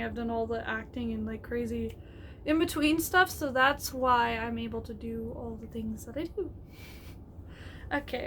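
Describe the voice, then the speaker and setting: A woman's voice: high-pitched, slight background noise. A woman giving casual, rambling advice on a tabletop game, with many fillers and restarts, laughing often.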